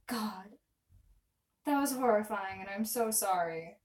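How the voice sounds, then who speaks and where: A woman's voice: medium pitch, takes it slowly. A young woman chatting casually on a live stream, rambling and self-deprecating.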